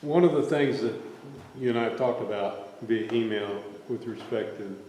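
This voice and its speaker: Deep mellow-voiced man interviewing in a hall. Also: moderate pace, slight background noise. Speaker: host or interviewer. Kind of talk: interview question. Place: church hall. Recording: echoey hall.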